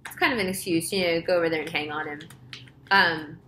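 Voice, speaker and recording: A woman's voice: lowish voice, animated, quick pace, sharp tone, a little hiss or hum. A young woman, a tarot reader, chatting to her viewers in a casual monologue and acting out the voices in her story.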